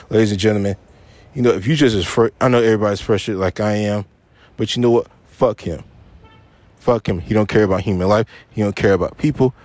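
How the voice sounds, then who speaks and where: A man hosts his own podcast and rants angrily, swearing heavily and repeating his points for emphasis because he is frustrated and upset. His voice sits on the low side with a darkish tone, he talks quickly, and there is no room sound.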